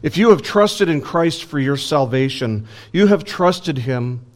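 A man's voice: on the high side, expressive, measured pace. A man preaching a sermon in an earnest, emphatic way, building lists and asking rhetorical questions.

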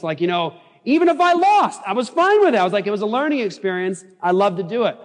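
High-voiced, animated male preacher in a hall. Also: fast. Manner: animated, jokey, swings from shouting to low intense emphasis. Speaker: pastor. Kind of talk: sermon. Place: church sanctuary.

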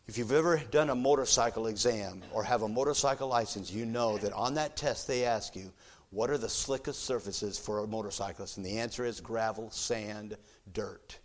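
A middle-aged pastor with a mid-range voice preaches a sermon built around a personal story. He swings between hushed, soft passages and loud, forceful exhortation.

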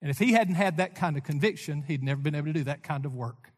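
An older man preaching a sermon as pastor, telling folksy stories and swinging from loud emphasis to hushed asides. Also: fairly high pitch, fast talker. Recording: echoey church hall.

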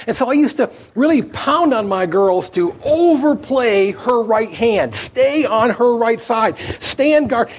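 A man preaching a sermon, telling the story with animated emphasis, his voice rising as he drives points home. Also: high-pitched, husky. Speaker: pastor.

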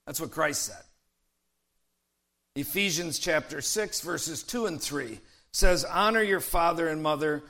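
Emphatic male preacher with a bright voice. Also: on the high side, creaky. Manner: emphatic preaching, calls out "Amen?" to the congregation; slows right down to stress key phrases. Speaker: pastor. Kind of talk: sermon.

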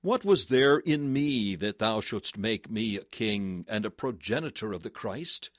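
A man's voice: lowish voice, lively intonation, unhurried, dry recording. Solemn male preacher, dry close sound. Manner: solemn, rising to fervent exclamations. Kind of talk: sermon reading.

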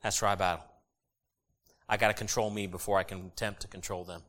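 A middle-aged man preaching a sermon, animated and jokey with sudden loud bursts. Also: deep voice, fast. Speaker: pastor.

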